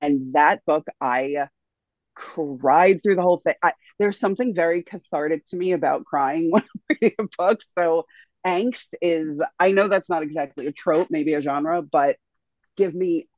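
A woman book reviewer as a podcast guest, chatting casually and agreeing readily with quick replies and laughs. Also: sits low, darkish tone, no room sound, dull audio. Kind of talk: casual chat.

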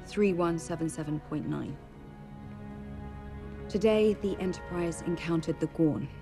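An actor playing a solemn middle-aged male starship captain recording a log entry in a TV drama, speaking in a grave, measured way. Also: fairly high pitch. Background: music.

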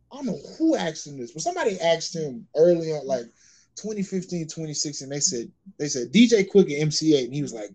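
Higher-voiced man rambling casually. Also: a little mellow, low-quality recording. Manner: rambling, restarts, slangy. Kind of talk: casual chat.

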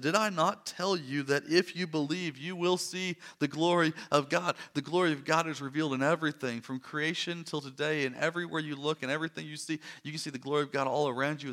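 A man delivers a sermon in a high, bright voice. He is earnest, sinking into soft, hushed stretches before building to loud, emphatic repetition. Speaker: pastor.

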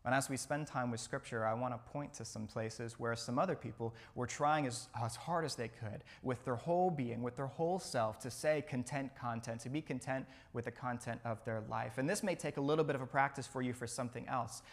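A man's voice: medium pitch, brisk, few pauses. A man preaching a sermon in a church, earnest, often repeating phrases for emphasis. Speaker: pastor. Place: church sanctuary.

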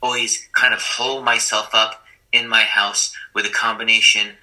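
Self-deprecating man with a bright voice. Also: lowish voice, level tone, moderate pace, low-quality recording. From Puerto Rican and Haitian family. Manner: conversational and self-deprecating, many fillers. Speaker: school teacher. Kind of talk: personal storytelling, testimony.

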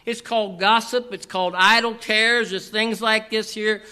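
High bright-voiced pastor preaching, calls for amens, keeps saying "here". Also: male voice, moderate pace, smooth. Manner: animated, calls for audience response; repetitive filler "here". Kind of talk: sermon.

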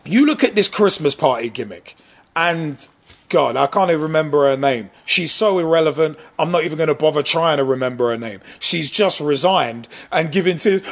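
Gravelly-voiced man ranting angrily. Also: fairly high pitch, animated, moderate pace. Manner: angry, profane, sarcastic ranting. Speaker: vlog host. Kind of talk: political rant.

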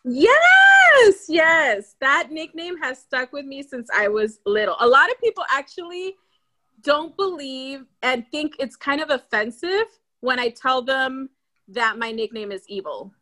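A woman's voice: high voice, moderate pace, sharp tone. A young woman, a guest on a podcast, telling stories in casual chat and laughing often.

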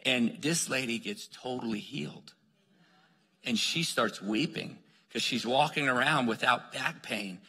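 A man's voice: mid-range voice, a little slow, pushed and bright, slightly rough. A man preaching a sermon with energy, telling stories and urging the congregation on with calls of "come on.". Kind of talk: sermon storytelling. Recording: long hall reverb.

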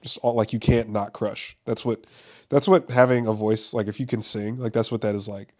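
A young man holds forth in a loose, rambling monologue, his voice sitting a little on the low side. He swears freely and trips over restarts and fillers as he talks. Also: fairly even intonation, moderate pace, darkish tone. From Los Angeles. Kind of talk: casual monologue.

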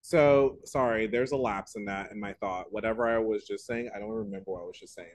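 A man co-hosting a podcast, telling stories in a casual, animated way and laughing often. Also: fairly low pitch, a little fast, very noisy. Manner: animated storytelling, laughs often, loses his train of thought. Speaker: podcast co-host. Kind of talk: casual chat.

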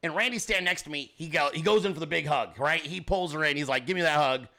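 Guy telling a story on a podcast, high bright voice, acts out quotes, swears casually. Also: fast, creaky. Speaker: podcast host.

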